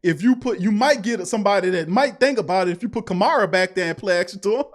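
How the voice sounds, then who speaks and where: A man with a fairly high voice hosts a live-streamed sports talk show. He reads viewers' chat messages aloud and rants at length, emphatic and full of street slang. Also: quick pace. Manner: fired-up, ranting, slangy and emphatic.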